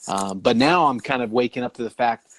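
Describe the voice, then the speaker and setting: A man's voice: mid-range voice, a little fast, no room sound. A man co-hosting a podcast in casual chat, rambling and laughing often as he talks. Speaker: podcast co-host.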